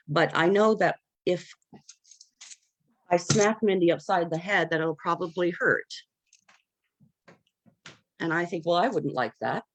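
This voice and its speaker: A mid-range voice with a breathy edge comes through a video call, belonging to a panel speaker in an unscripted discussion. They speak earnestly but haltingly, with many fillers and nervous laughs as they search for the right words.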